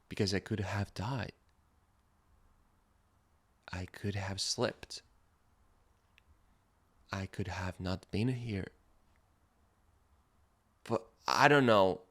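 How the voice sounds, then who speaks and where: With a fairly low-pitched voice, a man hosting a podcast recounts something from his own life in an easygoing monologue. He swings between animated laughter and quiet reflection.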